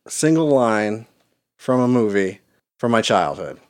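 A woman co-hosting a podcast in casual chat, relaxed and quick to laugh. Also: rumbling low. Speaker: podcast co-host.

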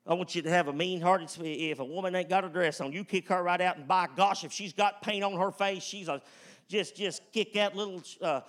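A man preaching, putting on a sarcastic, loud, blustery voice of Jesus giving orders to his male disciples. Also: sits high, fairly even intonation, a little fast. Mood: mocking.

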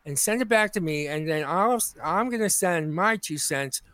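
High-voiced indignant man telling a story. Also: normal speed, clear, resonant tone, dry recording. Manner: animated storytelling, indignant, acts out quoted people. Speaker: podcast co-host. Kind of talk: casual comedic chat.

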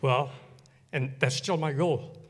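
A man giving a personal testimony in church, earnest and halting with many fillers. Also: medium pitch, breathy edge, big-room sound.

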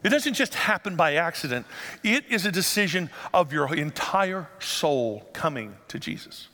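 A male pastor giving an animated sermon in a church sanctuary and asking the congregation rhetorical questions. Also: a little high, moderate pace. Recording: long hall reverb.

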